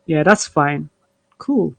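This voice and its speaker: A chatty man hosts a live music stream, talking in a relaxed, easygoing way. His voice sits a bit high and is recorded close and dry. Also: slow pace, vocal fry, no room sound, rough recording. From United Kingdom. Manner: relaxed, chatty, restarts often. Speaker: livestream host and musician. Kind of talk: casual live chat.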